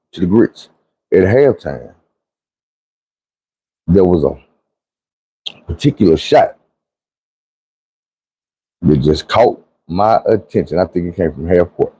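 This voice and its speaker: A man in his forties with a drawl tells a personal story as if to friends. His voice is dark and mellow, recorded dry and close. He talks emphatically and keeps checking in with "you know what I'm saying.". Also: medium pitch, slightly rough, no echo, poor audio. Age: 40s.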